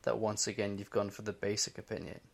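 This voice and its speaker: A man's voice: on the low side, flat delivery, fast talker, vocal fry. A man co-hosting a casual podcast chat, teasing his co-host and laughing often.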